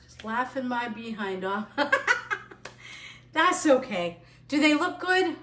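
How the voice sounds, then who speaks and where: A woman's voice: on the high side, very animated, measured pace, fairly bright tone, echoey room, slight background noise. A middle-aged woman hosting a live home cooking show, bubbly and chatty, laughing at herself as she goes. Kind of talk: live cooking stream, casual chat. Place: home kitchen.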